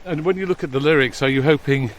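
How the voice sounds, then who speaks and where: A man's voice: a little high, quick pace, a little hiss or hum. A man hosting an interview on a countryside walk, asking friendly questions. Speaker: podcast host interviewer. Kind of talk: casual outdoor interview on a walk. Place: hillside countryside walk outdoors. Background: faint outdoor ambience and distant vehicles.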